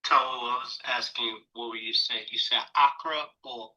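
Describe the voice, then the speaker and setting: A man's voice: mid-range voice, fairly even intonation, normal speed, pushed and bright, low-quality recording. A man in a live class asking curious questions over a call. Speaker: class participant.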